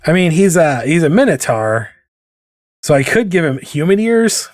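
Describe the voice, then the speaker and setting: A man's voice: on the high side, very animated, moderate pace, no room sound. A man chatting casually while he draws, drifting off on tangents and poking fun at himself. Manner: rambling, tangent-prone, self-mocking. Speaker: artist streaming a drawing session. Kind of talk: casual chat while drawing.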